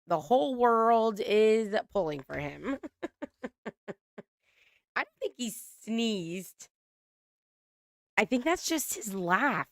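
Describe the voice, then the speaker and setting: Slow-talking chatty woman host. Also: a little high, animated, dry recording, clean studio sound. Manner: chatty, laughs often, swears casually. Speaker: reality TV recap host. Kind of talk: casual recap chat.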